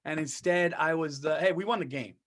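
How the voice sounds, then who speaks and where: A man co-hosting a podcast in casual chat, telling animated stories, acting out quotes and swearing freely. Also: fairly high pitch, a little fast. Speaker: podcast co-host.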